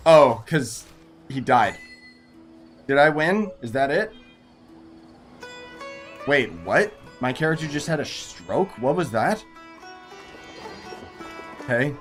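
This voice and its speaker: A young man giving casual gameplay commentary, sarcastic, dismissive and slangy. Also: on the high side. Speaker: gaming video creator.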